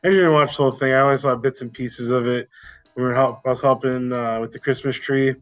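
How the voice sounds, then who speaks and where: A man's voice: medium pitch, steady tone, fairly quick, lo-fi sound, soft background music. A man hosting a sports podcast, chatting casually and rambling with restarts. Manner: rambling, self-correcting. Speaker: podcast host. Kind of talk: casual chat.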